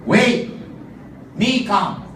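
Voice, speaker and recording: Man doing a high shouting chief in broken English, big echoey hall from far off with noise, live joke in a speech. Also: extremely slow, heavily acted. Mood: indignant. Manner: loud, high-pitched shouting. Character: excited tribal chief, speaks broken English.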